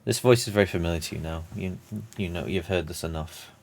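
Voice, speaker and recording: A man narrating a tabletop game as game master in a measured, descriptive way. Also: low-pitched, gravelly.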